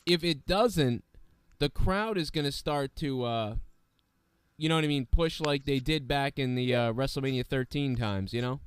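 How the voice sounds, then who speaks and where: A man's voice: medium pitch, normal speed, clean tone. A man hosting a wrestling talk show, rambling in casual chat with many fillers while sick with a worn voice. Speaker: wrestling podcast host.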